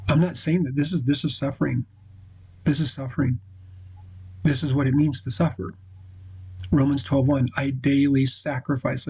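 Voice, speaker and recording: Husky-voiced man giving earnest devotional advice. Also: mid-range voice, darkish tone, dry recording, low-quality recording. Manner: earnest, preacherly, quotes scripture, pauses and restarts. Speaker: host giving marriage advice to husbands. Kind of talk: devotional talk to husbands.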